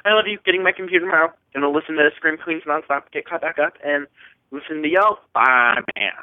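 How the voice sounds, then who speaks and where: A man from Washington State leaving a giddy, rambling voicemail for a podcast, squealing in falsetto now and then. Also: fairly quick, no room sound. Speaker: voicemail caller. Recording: tinny dry phone line.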